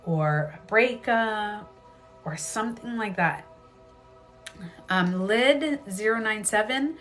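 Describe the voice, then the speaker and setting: A woman's voice: medium pitch, fairly bright tone. A woman hosting a casual live stream as a spiritual coach, chatting animatedly, laughing often and greeting viewers by name.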